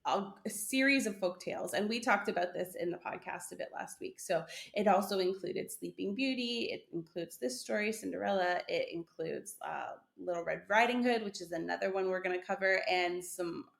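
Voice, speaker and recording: A woman's voice: medium pitch, moderate pace, creaky. This is a woman co-hosting a podcast, chatting casually and easily. She talks loosely, full of fillers, and she laughs often. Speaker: podcast co-host. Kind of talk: casual chat.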